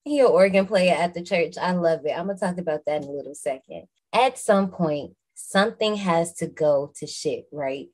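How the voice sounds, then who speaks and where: A woman hosting a podcast, recapping a movie in a lively, slangy, casual way with some swearing. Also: on the low side, moderate pace, few pauses. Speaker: podcast host.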